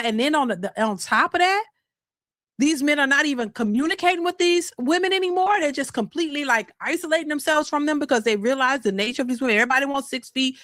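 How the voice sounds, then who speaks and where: Sassy high-voiced woman ranting. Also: a bit bright, dry recording, studio quality. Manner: sassy, emphatic, slangy. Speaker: reaction channel host. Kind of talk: casual commentary to viewers.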